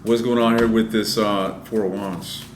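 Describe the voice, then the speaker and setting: A man's voice: lowish voice, steady tone, normal speed, echoey room, slight background noise. A man giving a casual, loose tarot reading, swearing freely and talking straight to his viewers. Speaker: tarot reader.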